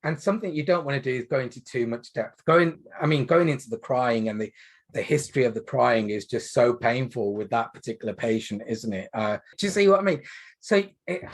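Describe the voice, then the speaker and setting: Animated GP trainer. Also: male voice, medium pitch, brisk. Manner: animated, emphatic, rhetorical questions. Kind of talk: teaching webinar.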